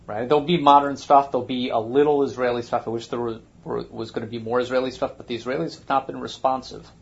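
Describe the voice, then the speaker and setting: Man, podcast host, chatty, thinks aloud, mid-pitched, dull lo-fi sound. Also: fairly even intonation, quick pace, creaky. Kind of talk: casual chat. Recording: muffled lo-fi recording.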